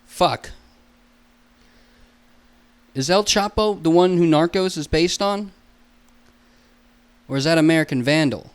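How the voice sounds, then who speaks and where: A man's voice: on the high side, slow, pauses often, clean tone. Goofy, rambling young man. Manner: goofy, self-mocking, swears a lot. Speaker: solo podcast host. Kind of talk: rambling solo podcast chat. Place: room alone.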